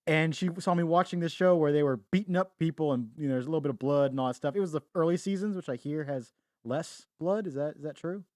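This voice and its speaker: A man's voice: a little high, quick pace, a little mellow, dry recording, studio quality. A young man co-hosting a podcast, talking casually, joking, laughing and swearing. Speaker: podcast co-host. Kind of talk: casual chat.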